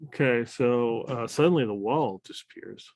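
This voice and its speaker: A man's voice: medium pitch, moderate pace, darkish tone, no room sound. A man playing a tabletop game, casual and checking the rules with questions. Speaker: player.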